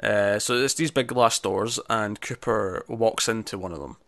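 A man's voice: on the low side, moderate pace, vocal fry, a bit bright, no room sound. Chatty man recapping a show. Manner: chatty, lots of fillers and acted-out quotes. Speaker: podcast co-host. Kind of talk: casual chat recapping a TV episode.

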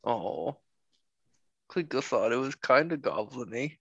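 Slow, bright-voiced man. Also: mid-range voice, animated, lo-fi sound, a little hiss or hum. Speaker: player. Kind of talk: casual chat.

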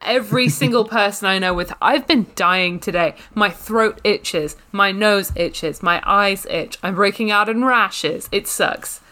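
A woman's voice: mid-range voice, measured pace, hardly any pauses, sharp tone. A woman in a casual group podcast chat, blunt and wry, swearing freely. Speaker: podcast co-host.

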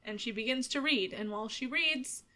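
A woman's voice: fairly high pitch, normal speed, bright, forceful tone. A woman narrating as a game master, talking in a chatty way with many fillers.

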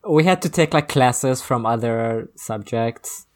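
A woman chats loosely on a podcast, trailing off and restarting her sentences, full of filler words. She sounds relaxed and unscripted. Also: rumbling low, slow pace. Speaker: podcast co-host. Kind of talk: casual chat.

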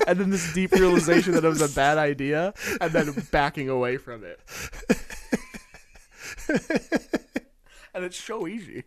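A man's voice: fairly high pitch, animated, measured pace, pauses often. A man co-hosting a music podcast, talking casually in a rambling, playful way, often correcting himself mid-sentence. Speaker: podcast co-host. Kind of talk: casual chat.

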